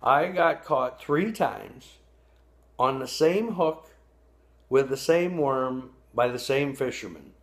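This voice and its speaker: A small young fish, shy and sheepish, voiced by a man in a storybook telling. He sounds embarrassed and low-key, slow to get his words out. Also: lively intonation.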